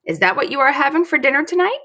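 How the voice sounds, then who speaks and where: Woman doing a deadpan creepy old woman. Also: high voice, fast, dull audio, pitched above the performer's own voice, exaggerated voice. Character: creepy imaginary old woman, blunt and greedy.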